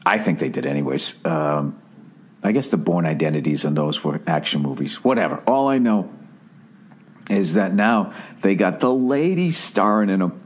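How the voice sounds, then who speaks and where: Animated low-voiced man ranting comedically. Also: moderate pace, slightly rough. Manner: profane, animated, mimics voices mid-story. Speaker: podcast host. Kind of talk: casual comedic rant.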